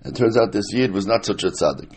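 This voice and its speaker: Husky low-voiced guy going thru talmud, translating line by line, laid back. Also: expressive, fast talker. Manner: casual, explanatory, with many fillers and Yiddish-Hebrew terms. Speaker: Talmud teacher.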